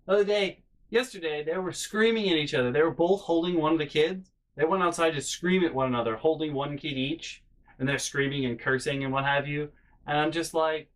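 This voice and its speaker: Young guy vlogging about his family, swears a lot, animated and fed up. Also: mid-range voice, brisk, rough recording. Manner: animated, profane, exasperated storytelling. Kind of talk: casual storytelling vlog.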